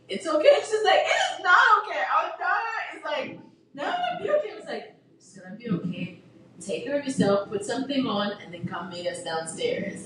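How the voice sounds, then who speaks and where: A woman's voice: mid-range voice, slight background noise. A woman in a casual book chat who retells scenes with animation, acts out the characters' lines and says "like" constantly. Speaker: podcast co-host. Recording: roomy, distant mic.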